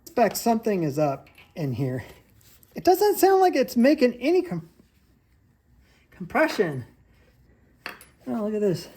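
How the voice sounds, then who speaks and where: A small engine repair technician giving a casual hands-on walkthrough in a repair shop, relaxed and plain-spoken, thinking aloud while working. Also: mid-range voice, unhurried, pauses often, a little hiss or hum.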